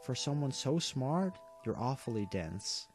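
A gentle middle-aged mother from a story game speaks in a soft, apologetic voice. A man reads her lines in his own voice at a mid pitch. Faint music plays behind her. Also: big pitch swings, measured pace. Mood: fond teasing. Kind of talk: reading game dialogue aloud.

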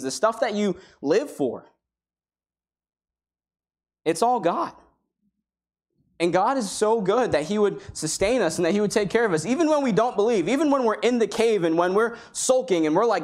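A man with a fairly high voice preaching a sermon. He talks earnestly and conversationally, reading out old-fashioned scripture lines between his own plain explanations. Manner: earnest, conversational preaching with King James quotations.

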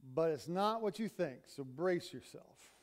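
A man's voice: fairly high pitch, animated, measured pace. A male pastor delivering a sermon in a church, telling a story as he preaches. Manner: storytelling, retelling a conversation. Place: church sanctuary.

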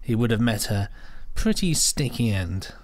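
A man co-hosting a casual commentary podcast, trading dry, deadpan quips. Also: fairly low pitch, unhurried. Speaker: podcast co-host.

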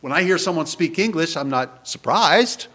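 A man preaching a sermon in church, animated and conversational, posing many rhetorical questions to the congregation. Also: on the high side, moderate pace. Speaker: pastor.

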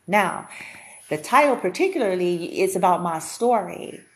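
A woman with a slightly low voice talks straight to her viewers in a loose spiritual chat. She is blunt and chatty and swears without holding back. She often circles back and repeats herself as she works out her point. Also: animated, a little slow. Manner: repeats and restarts while thinking aloud. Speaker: spiritual reader. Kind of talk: casual spiritual talk to viewers.

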